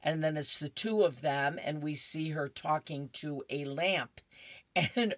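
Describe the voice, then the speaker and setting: A woman's voice: deep voice, takes it slowly, dry recording. A woman radio reader going through horoscopes and comic strips, with chatty asides and laughter at the jokes.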